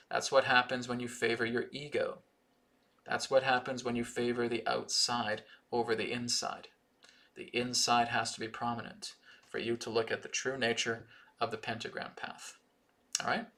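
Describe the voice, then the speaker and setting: A man's voice: mid-range voice, flat delivery, moderate pace, gravelly, bright, forceful tone. A man hosting a live-stream spiritual teaching and Q&A, talking earnestly and often checking in with "right?" and "okay?". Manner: reads viewer comments aloud from the chat.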